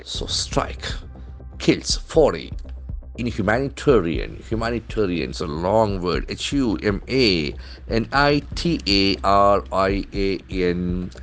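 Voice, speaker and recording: This English language trainer has a low, slightly bright voice and a sing-song, slow delivery, with soft music in the background. He teaches words from the newspaper, spelling each letter by letter and methodically explaining pronunciation and meaning.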